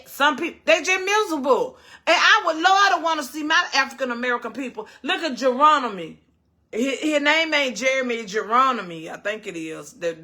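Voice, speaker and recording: A middle-aged woman, hosting a casual cooking livestream, firing off animated rhetorical questions. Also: fairly high pitch. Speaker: cooking show host.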